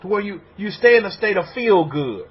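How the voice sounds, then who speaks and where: A man preaching a sermon as a rabbi, animated and repetitive. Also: high voice, fairly quick, slightly rough, muffled recording. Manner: animated preaching, acts out congregants' voices.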